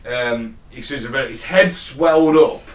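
A man's voice: mid-range voice, fairly quick, far from the mic. Laughing, rambling man, off-mic. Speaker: podcast co-host. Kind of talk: casual chat. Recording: roomy sound, off-mic.

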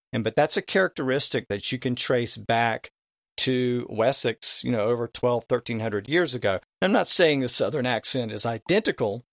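A man's voice: medium pitch, no room sound, studio quality. A middle-aged man explaining word history in conversation, spelling words out letter by letter in a lecturing way. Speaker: language history guest.

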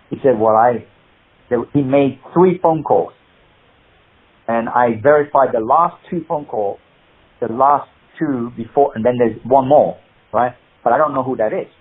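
An older man from the UK, a martial artist and actor, telling animated anecdotes in an interview, acting out the people he quotes and laughing at his own stories. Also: medium pitch. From United Kingdom. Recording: husky voice over a tinny phone-like line.

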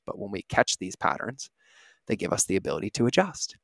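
A man's voice: on the low side, very animated, brisk, gravelly, fairly bright tone, no room sound. A man in his thirties, a podcast host, giving an earnest, reflective motivational talk and often asking "right?".

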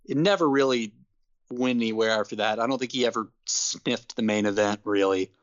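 A man co-hosting a casual podcast, ranting in an animated, exasperated way and laughing between points. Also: on the low side, fairly quick, no room sound, highs cut off. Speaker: podcast co-host. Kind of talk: casual wrestling podcast chat.

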